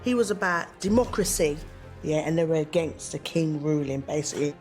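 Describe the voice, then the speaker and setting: Woman, drunk comic storyteller, animated with bursts of put-on voices. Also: low voice, fairly quick, faint music behind. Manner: animated, swings into shouty character voices. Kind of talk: tipsy comic storytelling in London slang.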